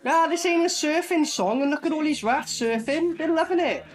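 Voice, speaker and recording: A man giving sweary, animated commentary while he watches a movie, with the film playing in the background. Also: very high voice, normal speed, music in the background. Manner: sweary, animated, laughing asides. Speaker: movie reviewer. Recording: film soundtrack playing behind.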